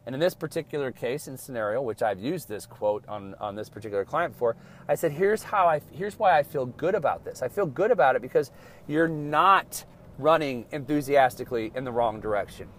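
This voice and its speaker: A man's voice: medium pitch, lively intonation, fairly quick, a bit bright, a little hiss or hum. Emphatic motivational podcast man. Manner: emphatic, preachy, addresses listeners as folks. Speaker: podcast host and success coach.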